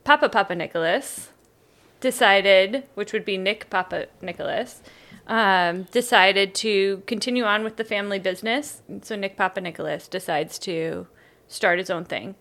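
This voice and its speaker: Speaking at a moderate pace in a mid-range, slightly bright voice, this female podcast co-host recounts a story in casual conversation. She giggles a lot and keeps restarting her sentences.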